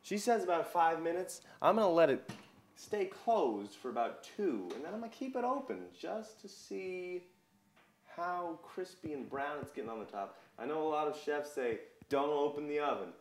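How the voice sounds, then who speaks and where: A man's voice: a little high, very animated, moderate pace, slight background noise. A young man hosting a casual cooking video in a home kitchen, chatting viewers through each step.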